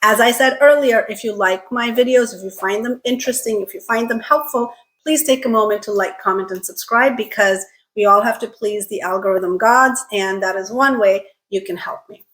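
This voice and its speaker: A woman teaching English pronunciation in an online lesson, speaking clearly and carefully and often checking in with the viewer. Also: mid-range voice, normal speed, hardly any pauses, fairly bright tone, rough recording.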